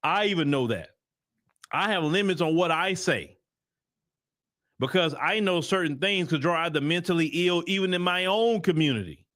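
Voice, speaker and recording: A man's voice: fairly high pitch, animated, normal speed, a bit bright, dry recording, clean studio sound. Man ranting in a rambling commentary. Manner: heated, rambling with repeated restarts. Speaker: host and commentator. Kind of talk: livestream commentary.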